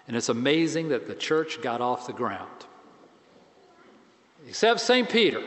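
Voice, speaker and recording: A man priest giving a conversational, self-deprecating sermon with animated swings in pitch and volume. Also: long reverb tail.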